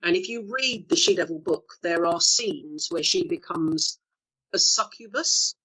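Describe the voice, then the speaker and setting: A woman's voice: lowish voice, animated, unhurried, pushed and bright, husky, low-quality recording. A woman in her fifties, an actress guest, telling bawdy anecdotes in a chatty, laughing way during a casual interview.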